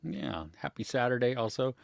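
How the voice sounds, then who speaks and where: A man's voice: medium pitch, expressive, normal speed, vocal fry, dry recording, clean studio sound. A man co-hosting a livestream, chatty and giggly as he greets commenters. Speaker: co-host reading live chat. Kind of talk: casual livestream chat.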